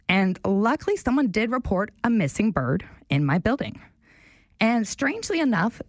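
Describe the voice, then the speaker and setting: Young radio host, woman, animated and chatty, dry studio sound. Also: medium pitch, dry recording. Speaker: radio show fill-in host. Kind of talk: casual talk radio chat.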